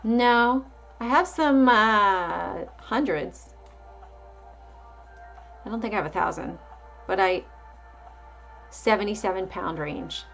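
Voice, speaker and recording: A woman's voice: medium pitch, slow, gravelly, long pauses, a bit bright, faint music behind. A woman hosting a casual live market stream, calling out price levels and chatting back to viewers. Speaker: livestream market host.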